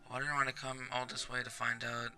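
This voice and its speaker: A snappy, bossy teenage girl from a visual novel, read aloud by a man, brisk and a little louder than the rest. Her voice is very bright, with faint music behind it. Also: medium pitch, little pitch movement.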